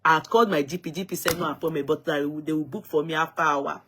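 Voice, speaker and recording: A woman's voice: deep voice, fast talker, slight background noise. Chatty Nigerian woman vlogger. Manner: lively, dramatic retelling, switching into Yoruba phrases. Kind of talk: casual storytelling to viewers.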